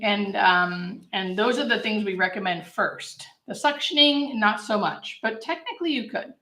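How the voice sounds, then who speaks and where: Recorded on a camera mic in a reverberant space, a woman speaks in a mid-range, fairly bright voice. She's a hospice nurse from Southern California, cheerfully chatting and responding to viewers on a live-stream Q&A.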